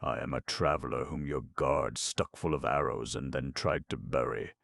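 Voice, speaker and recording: A man voicing a proud, fussy male elephant who talks in a pompous, booming way. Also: fairly even intonation, moderate pace, gravelly, fairly bright tone, no room sound, clean studio sound, full character voice. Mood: indignant.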